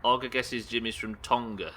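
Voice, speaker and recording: A young British man is live-streaming a game, rambling, putting himself down and swearing casually while reading viewers' messages aloud. His voice is medium-pitched and bright with a forceful tone, over slight background noise.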